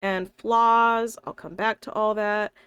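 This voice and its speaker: A woman's voice: mid-range voice, fairly even intonation, takes it slowly, fairly bright tone, clean tone, dry recording, muffled recording. A young woman with a slight lisp, chatting casually on a live stream, thinking aloud and talking to her viewers. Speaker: live streamer and tabletop player.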